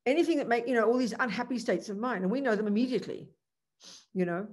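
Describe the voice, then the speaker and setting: A woman's voice: fairly high pitch, fast talker, a little mellow. Earnest woman teaching as a Buddhist nun. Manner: earnest, conversational, rhetorical questions; frequent restarts and 'you know' asides. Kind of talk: Dharma teaching to a group.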